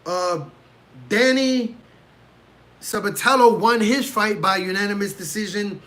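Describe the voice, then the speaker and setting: At a measured pace, a man with a high, sharp-toned voice rants in exasperation on his casual livestream. He's reacting to fights from a room at home, speaking directly to his chat.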